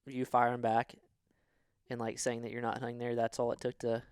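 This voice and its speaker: Flat-voiced man asking follow-up questions. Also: medium pitch, a little fast, smooth, dry recording, studio quality. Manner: curious, asks follow-up questions. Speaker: podcast co-host. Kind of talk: casual conversation.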